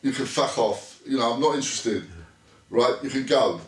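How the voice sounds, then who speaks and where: A man, a former bouncer, telling a rough story bluntly, acting out what was said and swearing freely. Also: medium pitch, normal speed, far from the mic. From Britain. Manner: blunt, swearing, acts out quoted dialogue. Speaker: former bouncer, interview guest. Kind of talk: storytelling anecdote. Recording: echoey room, voice a bit off-mic.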